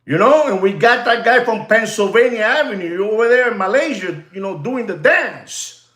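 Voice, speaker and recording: A man's voice: sits high, animated, moderate pace, a bit bright, echoey room. A man who deals in watches, speaking in an emphatic, repetitive vlog rant full of heckling. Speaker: watch dealer.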